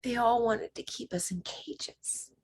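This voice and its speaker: A woman leading a spiritual workshop, talking slowly and emphatically and sometimes dropping to a whisper. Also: a little high, husky. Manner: slow, emphatic, drops to whispers. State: emotional. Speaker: workshop leader.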